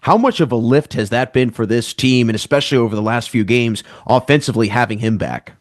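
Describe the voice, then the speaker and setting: A man works as a sports interviewer, asking long, winding questions with the odd "uh". His voice has a middle pitch and is recorded dry and close. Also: a little fast, no echo. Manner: long, wordy questions with some "uh".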